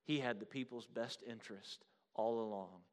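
A man preaching a sermon, swinging between loud declarations and hushed, quiet lines, and calling his listeners "beloved.". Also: mid-range voice, moderate pace.

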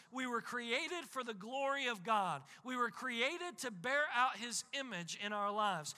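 A man's voice: very high voice, sharp tone, big-room sound. A man preaching a sermon as a pastor, impassioned, with emphatic repetition.

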